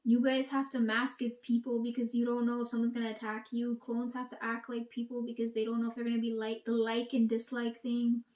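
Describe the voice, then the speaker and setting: A woman's voice: a little high, completely flat delivery, fairly quick, few pauses, a little mellow, echoey room. A young woman rambling to her audience in a casual monologue, swearing often and talking emphatically.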